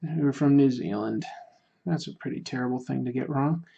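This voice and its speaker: A livestreaming artist draws while chatting casually with viewers and answering their comments, rambling and poking fun at himself with frequent fillers. His mid-range voice is creaky and dark, he talks fairly quickly, and the audio sounds dull.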